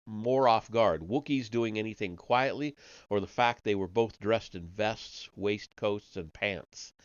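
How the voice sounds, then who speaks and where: A low-voiced man reads a science-fiction story aloud on a live stream, relaxed and conversational, fixing his slips as he goes. The recording is dry and a little muffled, with no room sound. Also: no echo. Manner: casual first-person reading with slips and restarts. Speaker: host reading stories aloud.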